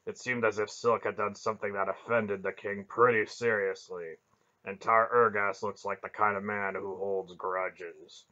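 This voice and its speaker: A man's voice: lowish voice, steady tone, normal speed, sharp tone, highs cut off. A man reading an audiobook, voicing a suspicious, blunt male soldier.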